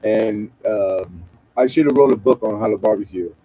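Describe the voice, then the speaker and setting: A man's voice: fairly low pitch, normal speed, warm tone, no echo. Man from southern california, rambling, profane, joking, dry dull stream audio. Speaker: livestream host. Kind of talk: casual late-night livestream chat.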